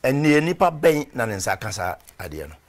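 A man's voice: medium pitch, very animated, a little fast. A man, a reverend and former footballer, talking as an interview guest in a rambling storytelling way and stopping to search for names. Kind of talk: conversational interview.

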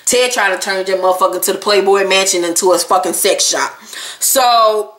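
Recorded in an echoey room, a woman vlogger recaps a reality show with brash, sassy energy, swearing freely and cracking blunt jokes. Her voice is medium-pitched and fairly bright, at a moderate pace.

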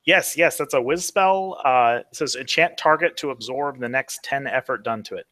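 A man's voice: mid-range voice, moderate pace, bright, forceful tone. A man playing a tabletop game, announcing his actions hesitantly with fillers. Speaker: player. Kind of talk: casual tabletop play.

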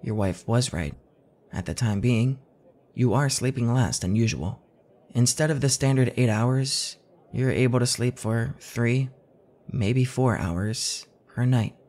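A man giving scripted second-person horror narration in a measured, tense way. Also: medium pitch, darkish tone.

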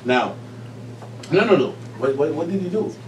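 Animated man teaching Quran recitation. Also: on the high side, moderate pace, background noise. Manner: animated, quizzing the class, breaks into chanted recitation. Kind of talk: lively classroom lesson.

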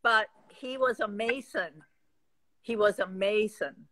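A woman with a Midwestern accent speaking reflectively as a guest in a live chat, pausing and restarting as she thinks. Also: medium pitch, fairly bright tone, low-quality recording. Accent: American Midwestern.

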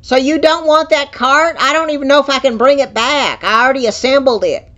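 A man's voice: extremely high pitch, a little fast, bright, forceful tone. A man voicing a flustered, easily confused older woman who rambles and repeats herself on a muffled call. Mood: frustrated. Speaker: scam baiter. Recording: muffled phone-call audio.

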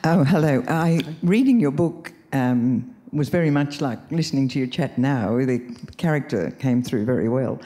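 Earnest audience member with a mellow voice. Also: mid-range voice, animated. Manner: halting, earnest. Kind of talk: audience question.

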